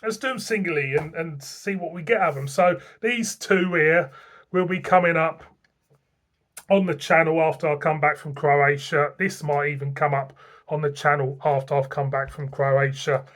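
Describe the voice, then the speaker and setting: A man's voice: a little high, steady tone, normal speed, a bit bright. A man with a Northern English accent reviewing beer in a blunt, rambling, sweary way. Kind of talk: casual beer review vlog.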